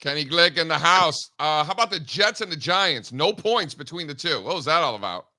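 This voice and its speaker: A co-host with a very bright, sharp-edged voice, pitched slightly high. He teases and banters, and acts out other people's lines when he tells a story. The talk is loose and casual. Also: a little fast. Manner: teasing, animated storyteller. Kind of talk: casual chat.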